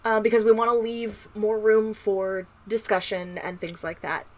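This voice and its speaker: A woman's voice: mid-range voice, flat delivery, moderate pace. A woman co-hosting a casual podcast, blunt and swearing freely, laying out the episode format and correcting book details. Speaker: podcast co-host.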